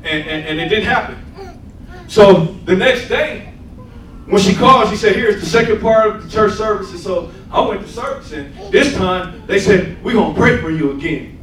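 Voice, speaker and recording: High-voiced animated preacher in echoey church. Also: male voice, moderate pace. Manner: animated storyteller, acts out scenes, laughs often. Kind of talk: sermon with personal testimony. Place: church sanctuary. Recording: echoey church, mic from a distance, faint room noise.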